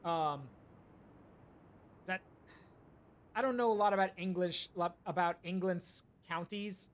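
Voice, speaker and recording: A man with a fairly high voice streams a naval strategy game live. He thinks out loud, hesitates, and chats with his viewers as he plays. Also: slow, pauses often. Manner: thinks aloud, hesitant, talks to chat. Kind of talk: live gameplay commentary.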